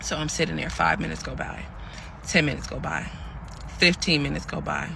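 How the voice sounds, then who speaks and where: Fully in character, a man voices a pregnant young woman telling her tale, chatting with the audience as "y'all" and acting out what was said. His fairly high, gravelly voice moves in a sing-song way at normal speed against background noise. It's a weary, aggrieved storytelling monologue.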